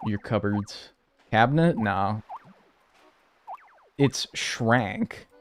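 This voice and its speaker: A man's voice: on the low side, expressive, very slow, slight background noise. A man chatting casually with his live-stream audience, playful and mock-outraged, swearing as he jokes.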